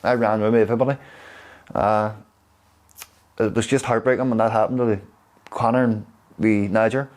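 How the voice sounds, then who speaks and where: Halting man with Derry accent. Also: on the low side, steady tone, darkish tone. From Derry, Northern Ireland. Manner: rambling, halting, with fillers. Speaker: interviewee. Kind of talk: casual storytelling.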